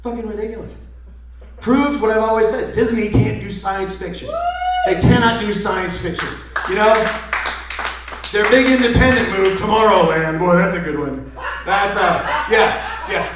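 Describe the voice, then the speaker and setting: Background noise runs under a high-voiced man ranting sarcastically at normal speed during a live comedy show. His set is heavy on swearing, picked up far from the mic in an echoey space.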